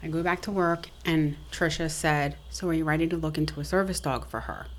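A middle-aged woman's low voice moves briskly and with fairly even intonation as she recounts a family story as a podcast guest. She's frank and matter-of-fact, chatting in a relaxed interview style.

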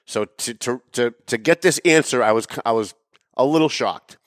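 A man hosting a political commentary show, talking sarcastically and emphatically. He swings between raised, pointed emphasis and low asides. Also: normal speed, dry recording, clean studio sound. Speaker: show host. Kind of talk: opinionated political commentary monologue.

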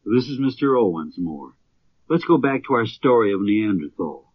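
A man as radio announcer, measured and formal. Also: lowish voice, big pitch swings, no room sound. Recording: dry, dull old radio recording.

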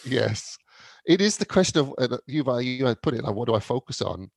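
A middle-aged man co-hosts a casual conversation with a wry, joking manner and frequent laughter. His mid-pitched voice is recorded close up in a dry, dead room. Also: animated, fairly quick, creaky, husky, dry recording. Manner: wry and jokey, laughs often. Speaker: co-host. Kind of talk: casual chat.

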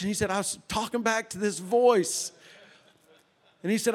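A middle-aged man, preaching a sermon and telling a story, swinging from loud bursts to hushed retelling. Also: high voice, fairly quick. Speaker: pastor.

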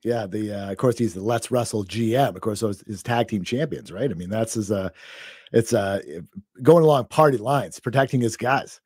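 A man's voice: fairly low pitch, moderate pace, darkish tone, breathy edge, no room sound, clean studio sound. A man co-hosting a podcast, chatting casually through a wrestling recap with lots of fillers and the odd laugh. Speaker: podcast co-host.

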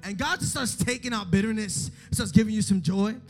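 A man with a very high voice delivers a fervent sermon in casual slang. He repeats his phrases and swings from a hushed plea to a shout. Music plays clearly beneath his words. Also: fairly quick. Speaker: youth pastor. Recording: music playing under the voice.

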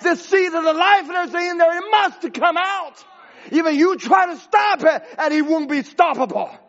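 A man preaching a sermon as pastor, impassioned and rising to shouts, with broken grammar. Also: extremely high pitch, normal speed, highs cut off.

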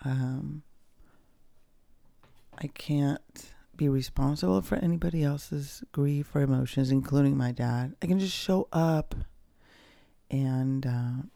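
Candid podcast host, reflective personal talk; mellow, gravelly, close and dry. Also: medium pitch, dry recording. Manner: candid, casual, swears freely; slow, pausing delivery with fillers.

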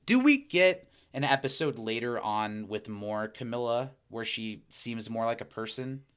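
A man's voice: medium pitch, measured pace, clean tone. A man co-hosting a podcast, recapping a TV episode in casual chat and acting out the characters' lines as he goes. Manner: animated storytelling, quoting characters in put-on voices.

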